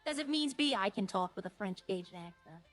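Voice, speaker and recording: A woman's voice: medium pitch, lively intonation, fairly quick, soft background music. A woman streaming a roleplay game, chatting casually and jokily to her viewers in a rambling way.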